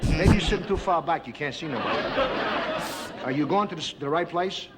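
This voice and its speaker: A man's voice: fairly high pitch, a little fast, a loud crowd, natural voice. An actor playing a nervous middle-aged expectant father in a 1960s TV sketch, repeating himself and laughing nervously. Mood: daydreaming. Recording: old TV broadcast, loud studio audience, noisy.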